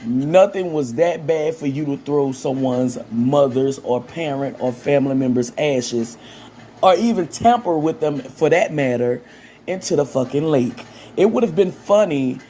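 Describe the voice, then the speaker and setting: Deep husky Louisiana woman ranting. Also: lively intonation, measured pace, warm tone, slight background noise. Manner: profane, repetitive insult-laden roasting. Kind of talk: ranting online video clip.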